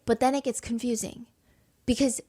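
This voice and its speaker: A woman's voice: on the high side, little pitch movement, normal speed, very noisy. A woman podcast host telling a true crime story in an earnest, questioning, slightly rambling way.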